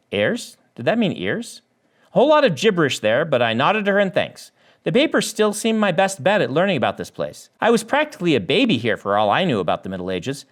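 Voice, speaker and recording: A man reads his own novel aloud in first person. His voice is a little high and rises and falls a lot. He lifts it further whenever a character speaks. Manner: animated reading that lifts the voice for dialogue. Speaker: author.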